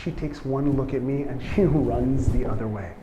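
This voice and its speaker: A man's voice: medium pitch, normal speed, noisy background, lightly acted. A lonely young yeshiva student in despair, put on by a man, mournful and pleading. The voice carries a roomy echo. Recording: echoey room.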